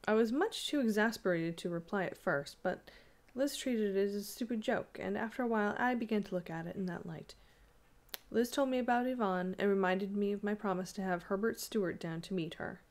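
A woman's voice: mid-range voice, brisk. Woman reading a classic story aloud. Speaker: audiobook reader.

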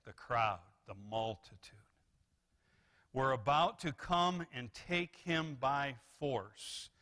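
Bright-voiced, animated male pastor preaching. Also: mid-range voice. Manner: animated preaching with rises and repeated restarts. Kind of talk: sermon. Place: church sanctuary.

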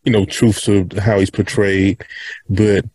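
A man's voice: lowish voice, flat delivery, a little slow, a little mellow, husky, low-quality recording. A man hosting a podcast interview, casual and rambling, restarting his questions as he goes. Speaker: podcast host.

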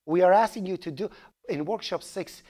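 A man with a Persian accent giving a programming lecture, animated and joking, asking the class questions as he goes. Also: sits high, moderate pace. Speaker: programming instructor.

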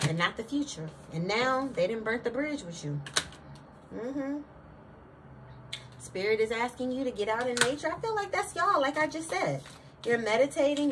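A woman giving a casual tarot reading, sassy and slangy, talking straight to her viewers. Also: a little high. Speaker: tarot reader. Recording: distant mic with clear background noise.

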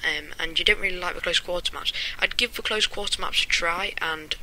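A man's voice: high-pitched, a little fast, bright, forceful tone, a little hiss or hum, low-quality recording. A man giving casual gameplay commentary, rambling through stories and chuckling as he talks.

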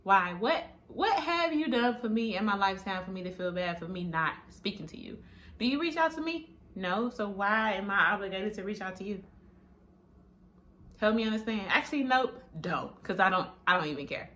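A woman's voice: medium pitch, moderate pace. A woman in her twenties talking casually to camera in a vlog, sassy and blunt, with plenty of swearing. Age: 20s. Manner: sassy, blunt, profane, animated. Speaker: vlogger.

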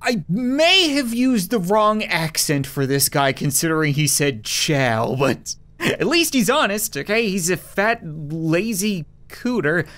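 Gameplay commentator, sarcastic and joking; voice swings widely in pitch. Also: sing-song, a bit bright. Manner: joking, sarcastic, quick asides to game characters. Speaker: gaming YouTuber.

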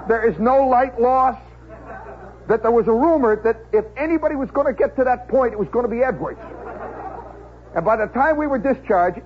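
Forties american guy, radio storyteller, wry and chatty, higher voice, faint hiss on an old tape. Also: dull audio. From United States. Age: 40s. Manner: wry, conversational, chuckling asides. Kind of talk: rambling comic storytelling monologue.

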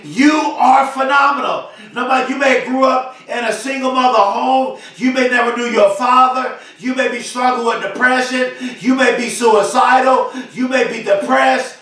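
A man giving a fiery, repetitive motivational speech, often shouting. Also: extremely high pitch, fairly even intonation, normal speed, hardly any pauses, heavy reverb, distant mic. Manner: fiery, emphatic preaching cadence with repetition. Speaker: motivational speaker.

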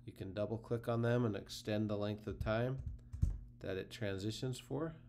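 Gravelly low-voiced man explaining software. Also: normal speed, slight background noise. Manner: relaxed, thinking aloud while clicking through the screen. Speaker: tutorial host. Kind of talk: casual screen-recorded software tutorial.

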